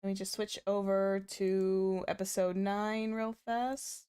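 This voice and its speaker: A woman's voice: medium pitch, level tone, slow pace, dark tone, clear, resonant tone. A woman hosting a casual anime watchalong stream, chatting to her viewers and breaking into giggly, squealing reactions. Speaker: VTuber host of an anime watchalong.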